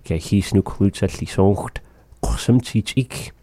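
A man teaching a language lesson, repeating each phrase slowly and carefully for learners. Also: on the low side, warm tone, no echo.

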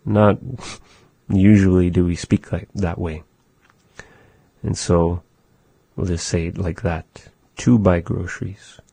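A man giving a casual language lesson, explaining thoughtfully and softly repeating phrases. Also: deep voice, steady tone, slow, vocal fry, pauses often, slightly rough, dry recording. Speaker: language teacher.

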